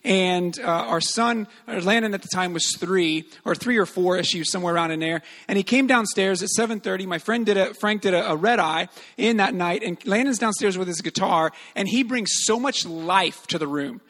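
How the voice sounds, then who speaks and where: A man giving an earnest, animated sermon-style talk on parenting, telling stories with many fillers. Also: high voice, normal speed, hardly any pauses, in a large hall. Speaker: speaker on parenting.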